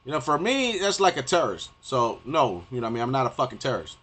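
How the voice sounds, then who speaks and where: A man's voice: medium pitch, sing-song, quick pace, husky. Heated, foul-mouthed man ranting on stream. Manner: profane, rambling, repeats "you know what I mean"; grows loud and heated at times. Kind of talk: off-the-cuff rant while live-streaming.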